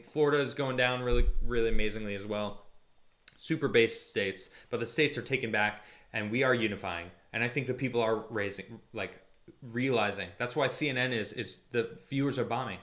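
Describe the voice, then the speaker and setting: A young man hosts a casual live stream and talks through viewer comments in an animated, chatty way. His voice sits at an ordinary middle pitch, and he moves easily between joking and serious moments. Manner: chatty, animated, quick mood swings from jokey to somber. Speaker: live-stream host reading chat.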